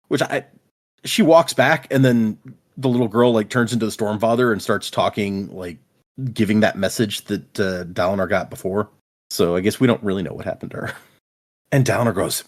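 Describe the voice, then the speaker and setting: A man's voice: on the low side, a little fast. A man co-hosting a casual book discussion podcast, animatedly retelling scenes and paraphrasing characters. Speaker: podcast co-host.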